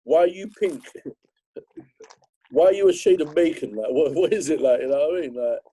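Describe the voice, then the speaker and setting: A man co-hosting a podcast, telling a story among friends, animated and swearing, checking in with "yeah?". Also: a little high, moderate pace, breathy edge, rough recording. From Turkish heritage. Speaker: podcast co-host.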